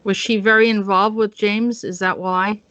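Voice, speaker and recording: A woman's voice: mid-range voice, flat delivery, moderate pace, a bit bright, no room sound. A woman hosting an online talk show, rambling with plenty of fillers. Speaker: host. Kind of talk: casual online chat. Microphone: video call. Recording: dull, dry video-call audio.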